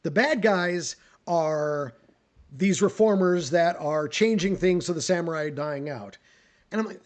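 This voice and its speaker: A young man chatting on a live stream, answering history questions in an animated, opinionated way and often repeating words as he goes. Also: fairly high pitch, measured pace. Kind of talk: casual live Q&A chat.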